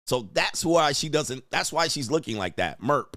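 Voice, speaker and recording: A man's voice: fairly high pitch, big pitch swings, moderate pace, bright, forceful tone, no room sound, studio quality. A man giving blunt, crude commentary as a show host, reacting to a clip with mocking asides. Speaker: podcast host.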